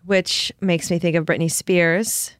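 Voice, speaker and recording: A woman's voice: lowish voice, measured pace, no room sound, studio quality. A woman co-hosting a casual chat, reading from an article and acting out the quotes with giggles. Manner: reads article aloud, giggly, animated quoting. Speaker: podcast co-host.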